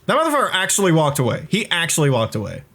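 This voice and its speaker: A young man giving excited, rambling commentary on his own video, swearing freely and laughing often. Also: fairly high pitch, racing, a little hiss or hum.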